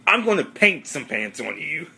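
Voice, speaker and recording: A man voicing a gruff, exasperated middle-aged sitcom dad who scolds his son sarcastically. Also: fairly high pitch, sing-song, moderate pace, pushed and bright, pitched above the performer's own voice, full character voice, poor audio. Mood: scolding.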